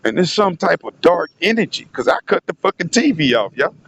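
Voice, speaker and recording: A man's voice: high voice, very animated, a little fast, creaky, fairly bright tone, a little hiss or hum. A man telling a rambling, profane story in a casual vlog monologue, often turning to speak to his audience. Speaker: vlogger.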